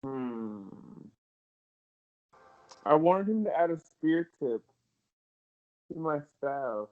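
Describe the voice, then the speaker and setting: Casting: young male player, lively and exasperated, on a dull lo-fi mic. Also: fairly high pitch, drawn-out words. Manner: exasperated, laughing, swears casually. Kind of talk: casual tabletop play.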